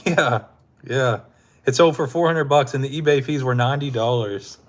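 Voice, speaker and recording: A man's voice: mid-range voice, measured pace. A man hosting a casual live stream, laid-back and laughing often as he talks with his chat, his throat sore from hours of talking.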